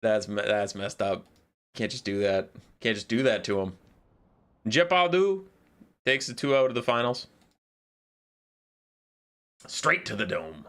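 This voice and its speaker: A man casting a live strategy game match, calling the action in quick play-by-play and joking with his chat. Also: on the low side, expressive, a bit bright. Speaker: esports caster.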